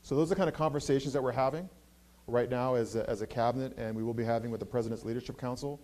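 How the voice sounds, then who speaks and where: A man's voice: medium pitch, fairly even intonation, darkish tone. A man speaking as a university president, answering audience questions earnestly with frequent hesitations. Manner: earnest, halting with many fillers. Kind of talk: Q&A answers at a campus address. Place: university event hall.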